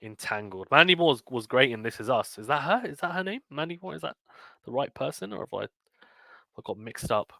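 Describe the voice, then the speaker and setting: A man with a British accent hosting a live tennis play-by-play stream, chatting casually and reading viewer comments between points, then calling each point with rising excitement. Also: mid-range voice, brisk, creaky, dry recording.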